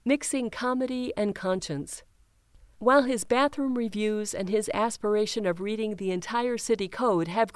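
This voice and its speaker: A woman reading a news article aloud in an even, measured way, raising her pitch slightly when she reads quotes. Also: clear, resonant tone, no room sound, studio quality. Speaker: news reader.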